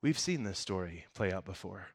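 In a fairly low, creaky, husky voice at normal speed, a pastor delivers a casual sermon with Bible reading. After reading scripture he riffs on it conversationally with jokes and frequent laughter, his volume ranging from near-hushed to loud and emphatic.

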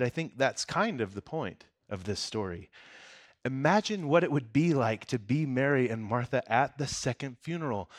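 A man preaching a casual sermon and reading scripture aloud. He talks conversationally, jokes and laughs often, and swings from soft, quiet passages to loud emphasis. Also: medium pitch. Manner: conversational and joking, breaks into laughter. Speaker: pastor.

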